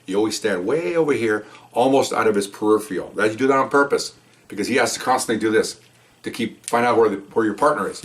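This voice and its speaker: An older retired cop tells a story at a brisk clip, acting out each moment as he talks. He sounds a bit away from the mic, with some room around his voice. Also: lowish voice, far from the mic. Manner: animated, acts out the scene with gestures. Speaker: retired police officer. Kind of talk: telling a personal story.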